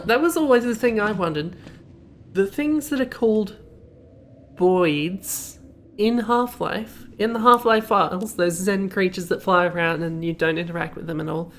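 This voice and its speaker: Rambling, joking woman streamer. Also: medium pitch. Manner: rambling, self-amused, punny. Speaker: game streamer. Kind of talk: casual commentary while playing.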